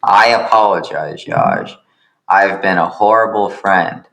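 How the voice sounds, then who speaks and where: A man's voice: low voice, huge pitch swings, slow pace, gravelly, a bit bright, exaggerated voice. A man voicing an emotionally stiff creature friend, earnest and pleading, who keeps repeating his friend's name in an improvised comedic character voice. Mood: apologetic.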